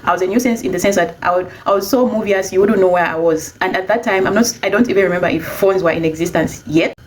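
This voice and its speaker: Woman, rapid chatty storytelling, lowish voice, light hiss behind. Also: poor audio. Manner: chatty, animated when quoting herself. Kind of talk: casual storytime monologue.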